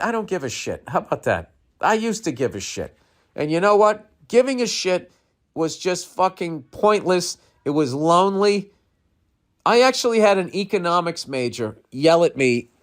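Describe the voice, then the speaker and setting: A man's voice: a little high, fairly bright tone. A middle-aged man hosting a podcast, riffing in a blunt, sarcastic, profane monologue. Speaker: podcast host. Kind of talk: casual comedy podcast monologue.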